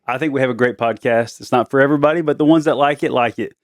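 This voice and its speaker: A man's voice: medium pitch, quick pace, dry recording, studio quality. A middle-aged man hosting a casual family podcast with his daughters, playful and teasing. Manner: playful, teasing, laughs often. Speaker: podcast host, father.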